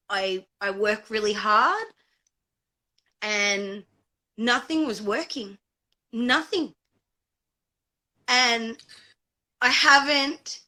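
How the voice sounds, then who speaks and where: A woman guest on a live video chat, speaking emotionally and haltingly about a hard time. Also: a little high, bright, forceful tone. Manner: emotional, halting, searching for words. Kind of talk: casual live-stream chat.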